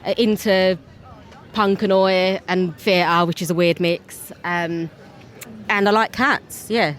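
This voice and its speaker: A woman's voice: on the low side, fairly even intonation, slow pace. A tired young woman with a Cockney accent, chatting as a guest in an interview in a giggly, scatterbrained way. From England. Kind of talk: casual interview.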